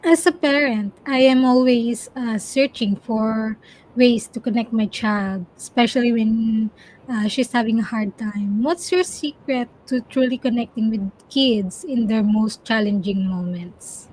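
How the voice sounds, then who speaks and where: A woman interviewer with a somewhat high voice asks her prepared questions in a measured, scripted way. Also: darkish tone, a little hiss or hum, low-quality recording.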